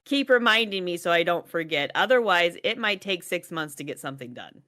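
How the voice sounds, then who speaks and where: A woman in her thirties co-hosting a casual podcast, telling lively stories with frequent laughter and casual swearing. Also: lowish voice, a little fast. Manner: animated storytelling, laughs often, swears casually. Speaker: podcast co-host. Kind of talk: casual chat.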